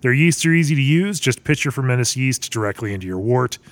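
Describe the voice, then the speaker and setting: A man's voice: mid-range voice, fast talker, dry recording. A man hosting an interview, giving short acknowledgments and then reading sponsor ads. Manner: brief acknowledgments, steady read-through of ads. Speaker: podcast host.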